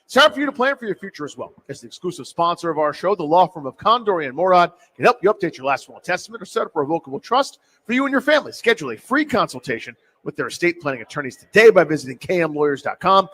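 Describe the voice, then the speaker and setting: A man hosting sports talk radio, animated and jokey in casual talk. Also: high voice, rapid-fire, hardly any pauses, poor audio.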